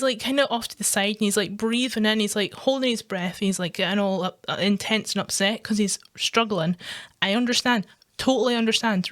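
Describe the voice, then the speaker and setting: A woman with a Scottish accent ranting in a casual, animated vlog. She swears freely and breaks into laughter often. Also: medium pitch. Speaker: gaming vlogger.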